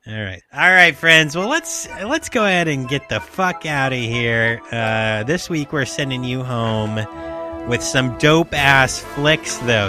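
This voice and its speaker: A man co-hosting a casual podcast, animated and playful, swearing freely. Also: mid-range voice, measured pace, soft background music. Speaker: podcast co-host.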